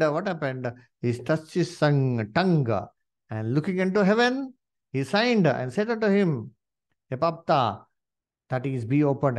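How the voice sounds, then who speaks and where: Animated preacher with a lively voice. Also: male voice, fairly high pitch. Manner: animated, many "you see" and "uh" fillers; addresses listeners as "dear brethren". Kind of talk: Bible study sermon.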